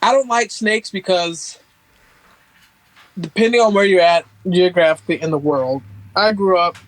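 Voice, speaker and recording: A man from Northeast Florida, a podcast guest telling stories in a relaxed, casual way with lots of fillers. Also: high-pitched, normal speed, poor audio. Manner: relaxed storytelling with many fillers. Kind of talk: casual conversation.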